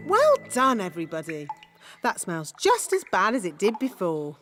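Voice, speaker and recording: An actress voicing a bossy, matter-of-fact grown-up fairy nanny in a children's cartoon, chanting little spells. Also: female voice, mid-range voice, huge pitch swings, moderate pace, music in the background.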